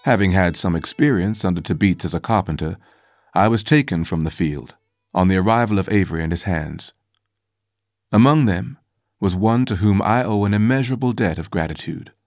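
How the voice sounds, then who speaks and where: A man giving scripted first-person audiobook narration in a measured, formal storytelling manner. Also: low-pitched, expressive, darkish tone, no echo, studio quality.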